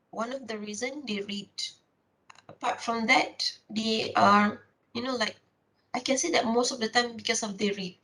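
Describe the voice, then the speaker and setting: A woman lecturing a class in a slightly high voice, taking her time over each point. She explains carefully, filling gaps with frequent pauses and restarting her sentences as she goes. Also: a bit bright, rough recording.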